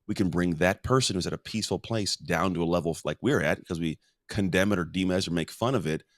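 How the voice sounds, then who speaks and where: Deep-voiced earnest male guest, dry sound. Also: quick pace, dry recording. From United States. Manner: earnest, explains with stories and metaphors. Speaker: podcast guest, motivational speaker. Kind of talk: casual conversational interview.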